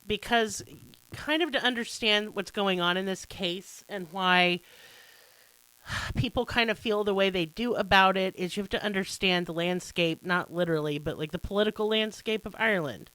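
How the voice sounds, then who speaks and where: An American woman hosts a true crime podcast with a bright, forceful voice. She talks casually and irreverently, pokes fun at herself, and swears now and then. The sound is close and dry. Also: mid-range voice, expressive, normal speed, no echo. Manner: casual, irreverent, self-deprecating, occasional swearing. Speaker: podcast host.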